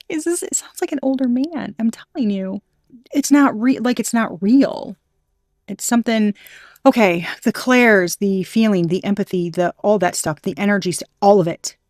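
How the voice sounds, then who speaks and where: A woman's voice: medium pitch, a little mellow, no room sound. Woman reading tarot, rambly and playful, lots of restarts, dry close sound. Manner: rambling, hesitant, thinking aloud with many restarts. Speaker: tarot reader.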